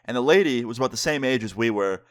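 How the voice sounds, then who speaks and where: A man's voice: medium pitch, expressive, quick pace. Chatty young man telling a story. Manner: chatty, heavy use of "like" fillers. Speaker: vlogger. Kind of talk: casual storytime retelling.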